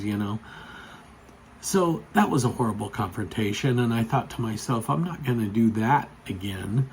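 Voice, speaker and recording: A man telling a personal story to the camera in a casual, rambling way, full of fillers, getting loud and excited as it goes. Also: mid-range voice, brisk, gravelly, slight background noise, poor audio. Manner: chatty, rambling, with frequent fillers. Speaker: vlogger.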